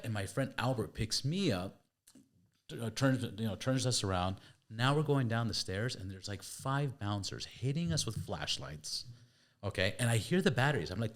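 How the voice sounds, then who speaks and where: A man hosting a podcast who tells his own story in lively casual talk and acts out sounds and quotes. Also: mid-range voice, normal speed. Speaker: podcast host.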